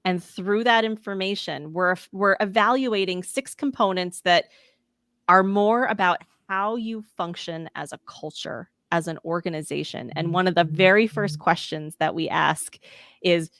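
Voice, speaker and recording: A woman's voice: lowish voice, unhurried, a bit bright, no echo, clean studio sound. A woman consultant giving interview answers, articulate and emphatic, laughing now and then. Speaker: guest, change management consultant.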